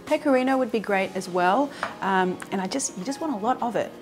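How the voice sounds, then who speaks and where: A woman's voice: medium pitch, expressive, brisk, over music. A woman hosting a cooking show, chatty and enthusiastic, talking straight to her viewers as she cooks in a kitchen, laughing easily. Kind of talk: cooking demonstration.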